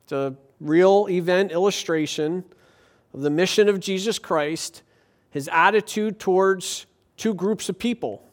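Male pastor, higher-pitched voice; sermon delivery with light humor and rhetorical questions. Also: measured pace. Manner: asks the congregation rhetorical questions; tells anecdotes with light humor.

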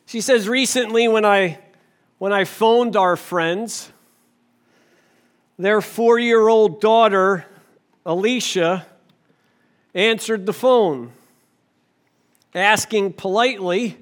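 High-voiced conversational male pastor. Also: slow pace, pauses often, fairly bright tone. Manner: conversational, engages the congregation. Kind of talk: sermon.

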